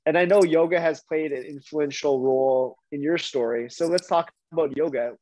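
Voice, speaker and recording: A man hosting a podcast, asking the guest measured, earnest questions. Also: fairly high pitch, a little mellow, no room sound. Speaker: podcast host. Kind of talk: interview questions. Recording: dull, lo-fi, dry.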